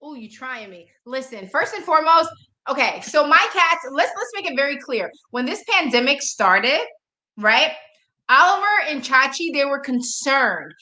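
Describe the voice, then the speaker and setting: Sassy female co-host with a high, bright voice, recorded in an echoey room. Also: animated, normal speed. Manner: sassy, teasing. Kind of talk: casual comedic chat.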